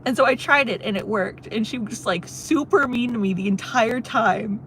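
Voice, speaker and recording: A woman's voice: a little high, normal speed, a bit bright, slight background noise. Chatty young woman yapping on a road trip. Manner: chatty storyteller, laughs often, addresses chat. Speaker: livestreamer reading chat. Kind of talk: casual chat.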